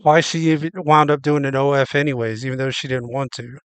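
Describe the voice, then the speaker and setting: A blunt man talks over a clip he is watching, swearing and sounding incredulous. His voice comes through smooth and clear. The sound is dry, with no room in it. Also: medium pitch, level tone, a little fast, a bit bright, dry recording. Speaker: streamer reacting to a video. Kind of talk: casual reaction commentary.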